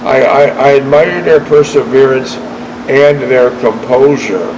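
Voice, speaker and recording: A man with a mid-range voice hosts a show, reading a veteran's war memoir aloud and adding brief asides, with background noise behind him. His reading is halting, and he often stumbles and corrects himself.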